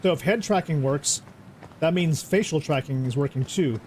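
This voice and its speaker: A man streams a game with easygoing, rambling commentary, often correcting himself mid-sentence over game music. His voice is fairly high with a darkish tone at normal speed, and there is a little hiss or hum.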